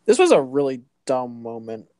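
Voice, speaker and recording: A man's voice: mid-range voice, very animated, warm tone, dry recording. Rambling man recapping comics, dry close sound. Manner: rambling, halting, with restarts and fillers. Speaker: host. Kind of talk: casual comic book recap chat.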